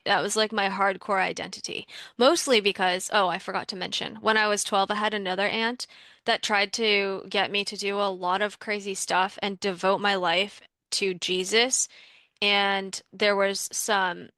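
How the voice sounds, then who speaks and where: A woman's voice: mid-range voice, sharp tone, no room sound. A young woman from Canada telling a personal story in a casual, chatty way, full of "like" fillers, as a workshop participant.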